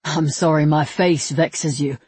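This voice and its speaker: A woman voicing a cool, teasing young man with a dry, low-key manner in a read-aloud story. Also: fairly even intonation, a little slow, a little mellow, slightly rough, no echo, exaggerated voice.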